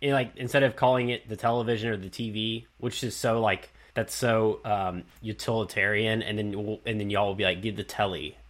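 A man with a fairly low voice and a Texas accent hosts a relaxed interview. He rambles and corrects himself mid-sentence, laughing easily as he talks. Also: a little fast, few pauses. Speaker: podcast host. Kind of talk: casual interview chat.

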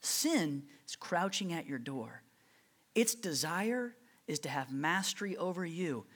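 Casting: a preacher doing God, calm, slow, solemn, with a warning weight. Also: mid-range voice. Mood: grave. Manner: slow, grave. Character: God, calm questioning male voice.

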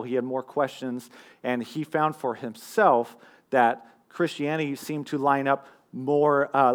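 A young man preaches in a relaxed, chatty way, telling stories about himself with plenty of fillers. His voice sits at an ordinary middle pitch. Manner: conversational, self-deprecating storytelling with fillers. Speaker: college group teacher and preacher. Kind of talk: casual sermon.

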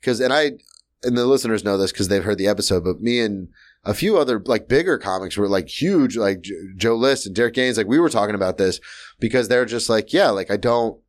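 A man in his thirties hosting a podcast in casual chat, animated and quick to shout when hyping a guest. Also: fairly low pitch. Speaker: podcast host.

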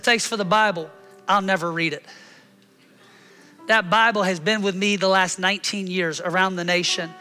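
High-voiced animated preacher in a hall. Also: male voice, smooth. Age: 30s. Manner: animated, acts out his own shouting in the story. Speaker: pastor. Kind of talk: sermon storytelling.

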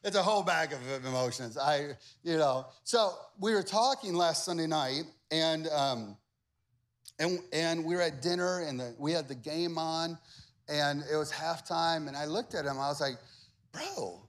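At a normal pace and with a voice on the high side, a male pastor delivers a conversational sermon. He is animated and repetitive, moving between loud emphasis and hushed asides.

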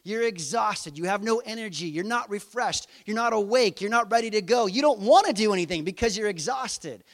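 High-voiced man preaching a casual sermon. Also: expressive, fairly quick. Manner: conversational preaching with rhetorical questions. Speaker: pastor.

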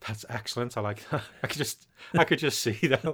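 A man's voice: mid-range voice, moderate pace, a bit bright, breathy edge. A British man co-hosting a casual podcast, joking around between topics. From Britain. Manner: jokey, slips into silly put-on voices. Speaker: podcast co-host.

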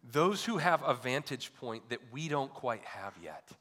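A male pastor delivering a sermon, asking repeated rhetorical questions and swinging between loud emphatic peaks and quiet low drops. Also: very animated, measured pace. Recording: long hall reverb.

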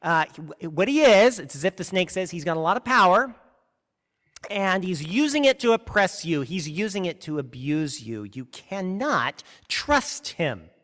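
A man preaches a sermon with real earnestness, leaning hard on his key words and often restarting a sentence mid-thought. His voice is high and swoops widely in pitch. The sound carries the long reverb of a large hall. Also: sing-song, measured pace, a bit bright. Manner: earnest, emphatic, with frequent restarts. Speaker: pastor.

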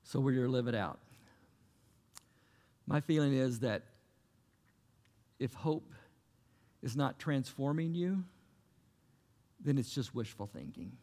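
Gravelly-voiced pastor preaching in a hall. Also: male voice, medium pitch, animated, slow, long pauses, darkish tone. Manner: earnest, conversational preaching with repeated phrases. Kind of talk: sermon.

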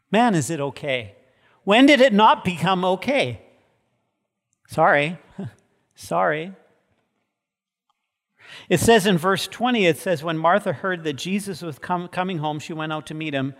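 Earnest man preaching in an echoing hall. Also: on the high side. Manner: earnest, emphatic, repeats key words. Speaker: pastor. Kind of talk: sermon. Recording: long hall reverb.

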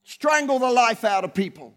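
A man's voice: extremely high pitch, sing-song, moderate pace. A man preaching a fervent sermon as pastor, building his points through rhythmic, repeated phrases. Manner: impassioned preaching with rhythmic repetition.

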